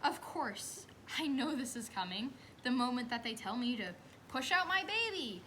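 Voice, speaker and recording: A woman's voice: fairly high pitch, big pitch swings, normal speed, fairly bright tone, slight background noise, rough recording. A young woman acting a stage monologue as an anxious new mother, telling it expressively and slipping into whispers. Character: anxious new mother recalling giving birth. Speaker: student actress. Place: school theater stage.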